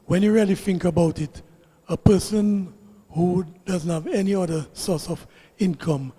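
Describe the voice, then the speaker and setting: A man, an election candidate answering audience questions at a public forum in a measured, explanatory way. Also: sits high, mellow, slightly rough, long reverb tail. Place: public meeting hall.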